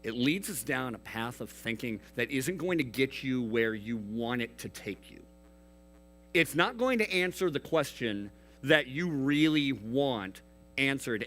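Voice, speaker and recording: A man preaching a youth sermon in an earnest manner, swinging between hushed and emphatic. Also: medium pitch, slight background noise, low-quality recording. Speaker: youth pastor.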